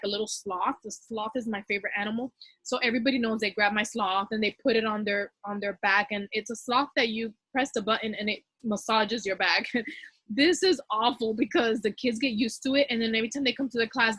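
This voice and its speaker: A woman teacher talking fast and casually to fellow teachers, giving advice in a chatty way. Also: fairly high pitch, steady tone, fairly bright tone, no echo.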